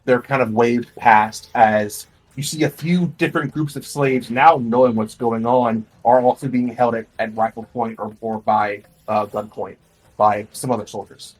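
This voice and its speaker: A man's voice: medium pitch, fairly even intonation, normal speed, breathy edge, rough recording. A man narrating as game master for a tabletop role-playing game, describing scenes loosely with many fillers.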